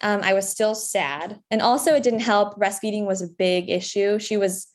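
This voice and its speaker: A young woman chats openly as a podcast guest, her voice sitting at an everyday middle pitch. She tells her story in loose, candid bursts and jumps higher whenever she acts out what she once said. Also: moderate pace. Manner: candid and chatty, acts out past dialogue in a higher voice. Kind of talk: casual chat.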